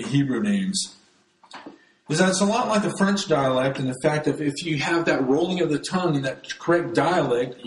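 A man's voice: medium pitch, reverberant, slight background noise, rough recording. A man teaching from the Bible in a conversational sermon style, talking to his listeners as folks. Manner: conversational, addresses listeners as folks, frequent restarts.

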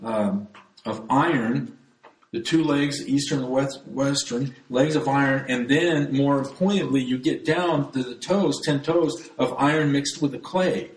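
A man's voice: mid-range voice, a little slow. Conversational male Bible teacher, echoey. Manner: conversational, addresses listeners as folks, frequent restarts. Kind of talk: sermon-style Bible teaching.

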